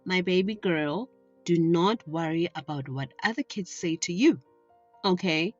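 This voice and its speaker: A woman voicing a loving father who gently reassures his little daughter in a storybook tale. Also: fairly low pitch, unhurried, breathy edge, highs cut off, faint music behind. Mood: reassuring. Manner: tender, reassuring.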